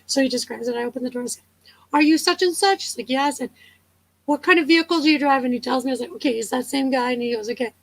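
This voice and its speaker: A chatty woman with a fairly high voice hosts a casual live chat. She tells rambling stories and laughs often, and the sound is dry and close with no room echo. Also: fast talker, vocal fry, pauses often. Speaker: livestream host.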